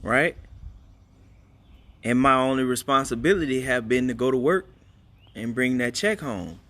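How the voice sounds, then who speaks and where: Outdoors at home, a father streams live to his followers, telling a loose, repetitive story and calling his listeners "man" again and again. His mid-range voice is animated and fairly bright, and he's in no hurry.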